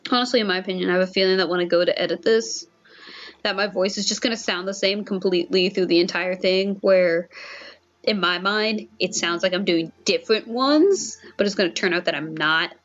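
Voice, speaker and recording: A woman's voice: on the low side, a little fast, dull audio. A young woman streamer with a headset mic, chatty and rambling, reading a story game aloud and joking about herself. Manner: chatty, rambling, self-mocking. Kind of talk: casual let's-play commentary and reading.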